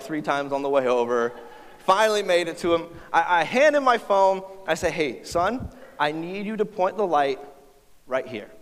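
High-voiced man preaching in a hall. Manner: humorous, conversational, talks to the audience. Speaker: pastor. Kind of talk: sermon with personal stories. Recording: hall reverb.

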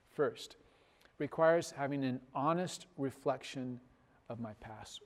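A man preaching a sermon as pastor, telling a story with big swells in loudness and soft, trailing phrase endings. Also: medium pitch, takes it slowly, in a large hall. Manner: animated storytelling, swells loud on punchlines, drops soft at ends.

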